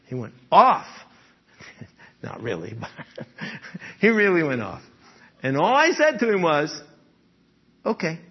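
A man's voice: a little high, wildly swooping pitch, takes it slowly, long pauses, husky, highs cut off. A man preaching a sermon in a conversational way, often checking in with "okay?" and "right?" and chuckling as he talks. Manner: chuckles often while speaking. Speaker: pastor.

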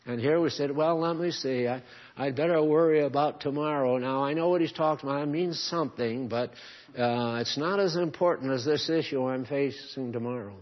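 A man preaching a sermon as pastor, shifting between quiet asides and loud, emphatic climbs. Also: medium pitch, moderate pace. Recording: dull lo-fi sermon recording.

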